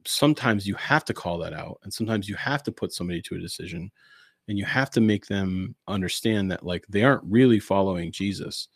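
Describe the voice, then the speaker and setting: A man's voice: sits low, a little fast, creaky, dry recording, studio quality. A man co-hosting a church podcast, talking casually about faith, laughing often and acting out characters in funny voices. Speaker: podcast co-host.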